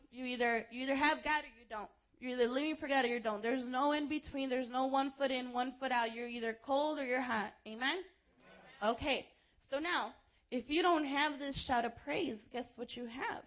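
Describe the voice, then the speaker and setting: A woman's voice: high voice, muffled recording. A woman preaching a sermon to her congregation, speaking with passion and shifting into casual asides to the room. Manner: impassioned, rising to shouts when quoting crowds.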